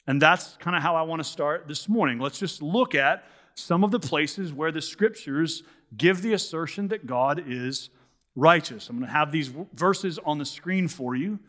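Bright-voiced conversational pastor preaching. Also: male voice, on the high side, moderate pace. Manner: conversational, animated, many "like" and "sort of". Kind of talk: sermon. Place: church sanctuary.

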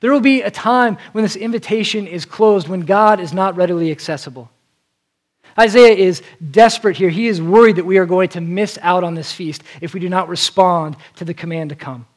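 A man's voice: sits high, fairly quick. A male preacher delivering an earnest sermon, often repeating a word as he restarts.

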